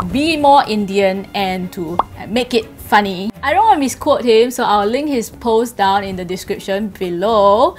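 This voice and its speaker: A young woman from Singapore, giving a blunt, sarcastic opinion monologue as a vlogger. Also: mid-range voice.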